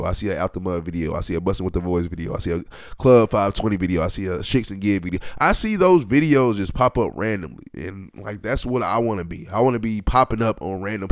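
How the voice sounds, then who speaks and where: Young guy doing a solo podcast, rambling, kinda low voice, smooth and dry. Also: no room sound. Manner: loose and rambling, with frequent restarts and slang. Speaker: podcast host. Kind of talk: casual solo podcast monologue.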